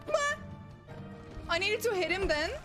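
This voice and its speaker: A woman's voice: a little high, moderate pace, music in the background. A woman streaming a game, chatting casually and giggling a lot as she plays. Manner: giggly and excitable, laughing often. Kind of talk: casual live-stream commentary.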